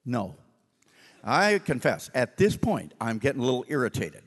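Animated male preacher in a reverberant hall. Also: mid-range voice, fairly quick. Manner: animated storyteller, acting out dialogue. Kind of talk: storytelling sermon.

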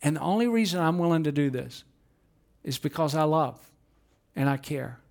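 A man's voice: fairly high pitch, expressive, moderate pace, creaky, a little mellow. A man preaching a sermon, telling stories with acted-out quotes and light humor. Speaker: pastor.

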